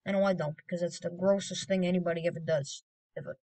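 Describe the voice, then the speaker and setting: A woman giving casual gameplay commentary as a video creator, rambling and excitable, with sudden loud exclamations. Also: fairly low pitch, quick pace, low-quality recording.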